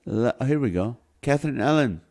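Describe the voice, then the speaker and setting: A livestream host with a medium-pitched, expressive and slightly mellow voice talks at a normal speed. He runs a guessing game, reading viewers' names and number guesses aloud in a jokey, playful way.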